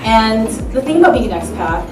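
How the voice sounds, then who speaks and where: A woman's voice: a little high, sing-song, fairly quick. Chatty woman giving a party toast. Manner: chatty and laughing. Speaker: anniversary speaker. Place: party hall. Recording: echoey room from far off. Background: music and guests.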